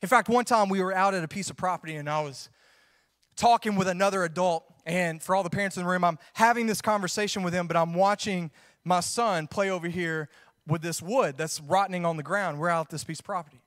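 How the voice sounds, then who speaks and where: A man's voice: high-pitched, a little fast, a bit bright, no echo. A man, preaching a sermon as a pastor, folksy and joking as he tells stories, then preaching with rising fervor.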